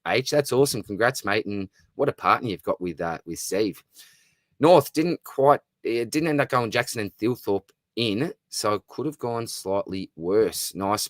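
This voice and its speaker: A man's voice: on the low side, no room sound. A man with an Australian accent hosting a live fantasy football stream, reading viewer comments and answering them in a chummy, upbeat way. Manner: chummy and upbeat, calls viewers mate and brother. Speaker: fantasy football livestream host.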